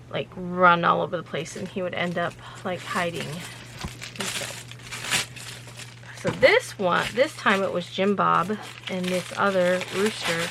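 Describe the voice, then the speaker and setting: A woman's voice: on the low side, background noise. A woman hosting her own vlog, telling a story in a rambling, chatty way with lots of loose fillers. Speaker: vlog host.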